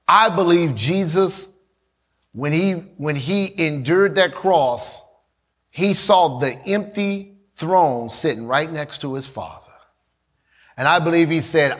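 A man's voice: fairly high pitch, lively intonation. A man preaching a sermon, acting out quoted lines and calling out to the congregation. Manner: preaching, rising to shouts, with quick asides to the congregation. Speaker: pastor.

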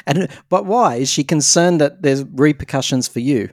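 A man's voice: on the high side, lively intonation, moderate pace, darkish tone, dry recording, studio quality. A man with an Australian accent hosting an interview podcast, asking friendly, probing questions. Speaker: podcast host.

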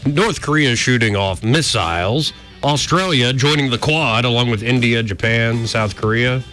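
A man's voice: medium pitch, moderate pace, sharp tone, soft background music. A man hosting a talk radio show, wry and joking with rambling asides. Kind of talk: casual talk radio banter.

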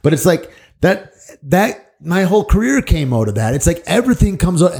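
Rambling, emphatic man with a mellow voice. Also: high voice, very animated, moderate pace, vocal fry. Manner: rambling, emphatic, swears freely. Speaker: podcast guest. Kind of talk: casual podcast chat. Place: basement studio.

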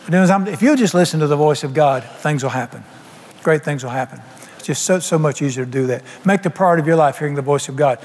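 In a church sanctuary, a man preaches a folksy, humorous sermon in plain, colloquial speech. His voice is on the high side with a darkish tone, and he speaks at a quick pace. The recording has long hall reverb and faint music.

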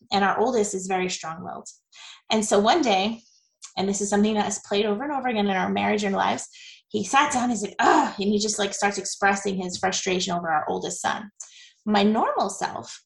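In a rough, reverberant recording, a forties-aged woman with a creaky mid-range voice shares her story as an interview guest. She's chatty and open, laughing often and using lots of filler words in the casual exchange.

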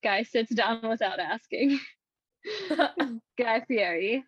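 A woman's voice: fairly high pitch, slow pace, long pauses, husky, no room sound, lo-fi sound. A woman co-hosting a podcast, reading silly scripts aloud in casual chat and often breaking into giggles. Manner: giggly, keeps breaking into laughter while reading. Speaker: podcast co-host.

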